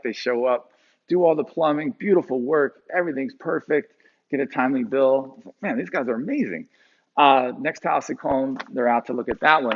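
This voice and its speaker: A middle-aged man from Philadelphia telling a personal story to a live audience, often repeating words and jumping up in pitch when he quotes people. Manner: halting, repeats words, acts out quotes with sudden high pitch. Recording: dull lo-fi sound.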